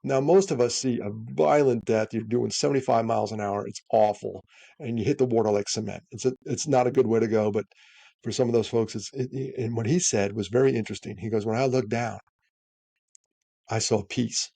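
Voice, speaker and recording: Gravelly man acting out conversations. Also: medium pitch, fast talker, no echo. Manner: animated storyteller, acts out dialogue. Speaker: guest speaker. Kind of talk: earnest conversational advice.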